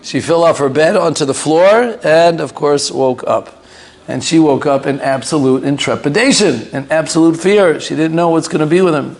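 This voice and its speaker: A male rabbi with a fairly high voice tells a long story during a lesson. He talks loosely and animatedly, with fillers and side remarks. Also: normal speed.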